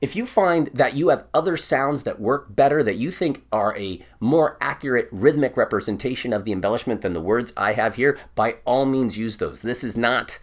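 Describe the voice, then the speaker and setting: A man's voice: medium pitch, moderate pace, hardly any pauses. A man giving an online bagpipe lesson, patiently explaining each step and singing counts aloud. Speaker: bagpipe teacher.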